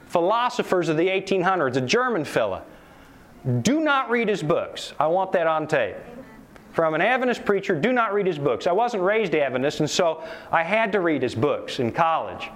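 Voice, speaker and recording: Male preacher, higher-pitched, very animated delivery, keeps checking in with the congregation. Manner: animated, asks the audience rhetorical questions. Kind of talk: sermon lecture to a live audience.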